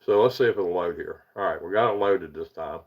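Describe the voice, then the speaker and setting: Over a muffled recording, this paranormal livestream host from the Eastern US speaks briskly in a low voice. He wanders from topic to topic, laughs at his own expense, and welcomes chatters by name.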